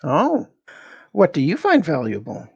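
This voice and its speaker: Woman doing a sly, low-voiced fey dragon. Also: huge pitch swings, gravelly, a little mellow, breathy edge, highs cut off, exaggerated voice. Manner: slow, teasing, sly dealmaker. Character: cunning bargaining fey dragon.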